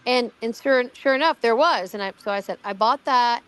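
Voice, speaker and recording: A woman's voice: fairly high pitch, moderate pace, clean tone. A middle-aged woman in a casual conversation, telling her own story in a rambling way, repeating words, restarting sentences and quoting what others said. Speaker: guest recounting her own amateur investigation.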